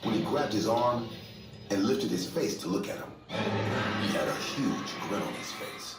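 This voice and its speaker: A man narrating a scripted horror story in a steady, measured way. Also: fairly low pitch. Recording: echoey distant room, faint music.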